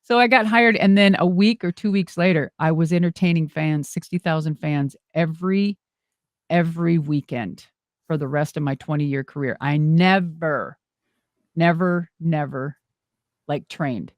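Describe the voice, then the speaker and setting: A middle-aged woman, a former wrestler and monster truck driver, telling stories in an animated, exclamatory way as an interview guest. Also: low-pitched, unhurried, dry recording. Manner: animated, exclamatory, acts out quoted dialogue. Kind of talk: casual storytelling interview.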